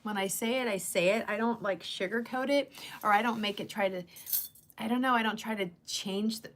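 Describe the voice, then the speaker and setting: A woman's voice: mid-range voice, fairly quick, fairly bright tone, a little hiss or hum. A woman hosting a casual livestream, chatting bluntly and greeting viewers by name. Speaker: livestream host. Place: indoor room under a bright light.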